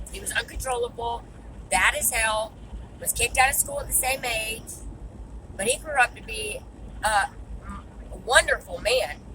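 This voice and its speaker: A woman's voice: a little high, background noise. Frustrated woman venting bluntly. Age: 30s. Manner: blunt, swears freely, exasperated. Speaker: vlogger and mother. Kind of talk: venting to camera.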